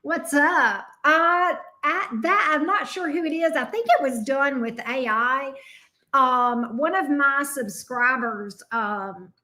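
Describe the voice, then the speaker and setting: A woman's voice: high voice, slow, bright, forceful tone. A woman with a Southern US accent, a tarot reader hosting a casual livestream who chats along and greets her viewers by name. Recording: roomy echo.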